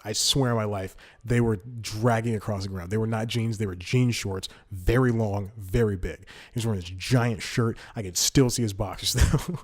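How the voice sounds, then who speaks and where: Rambling young comedian telling a story. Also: male voice, fairly low pitch. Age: 20s. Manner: rambling, restarts sentences, laughs at himself. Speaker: podcast host.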